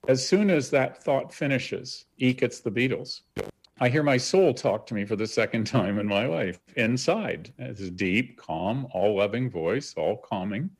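A Canadian man recounting a story in an interview, animated and acting out the quotes. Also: fairly low pitch, a little slow, few pauses. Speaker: guest.

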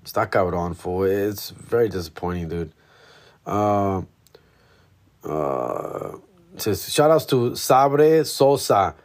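A man's voice: fairly low pitch, lively intonation, slow pace. A man, hosting a comedy podcast in a laid-back, slangy, profane monologue.

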